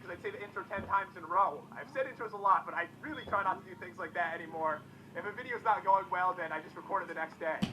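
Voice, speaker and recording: A man's voice: high-pitched, background noise. A young man in his twenties chatting casually to viewers in a vlog, joking about himself and calling them guys. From Connecticut, US. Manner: chatty, self-deprecating, addresses viewers as guys. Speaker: YouTuber.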